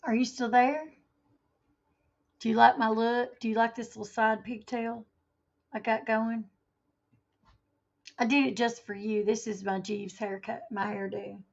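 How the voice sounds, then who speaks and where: A woman's voice: a little high, level tone, unhurried, vocal fry, pauses often, a little mellow, lo-fi sound. A woman hosting a casual home livestream, chatting and reading news headlines aloud. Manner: chatty, reads headlines aloud, laughs often. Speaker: livestream host. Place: home, indoors.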